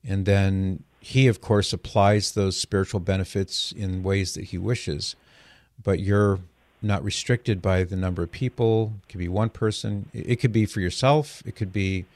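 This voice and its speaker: Radio host guy with a lowish voice, patient and earnest, dry close mic. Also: moderate pace, darkish tone, dry recording. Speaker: radio call-in show host. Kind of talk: call-in radio talk.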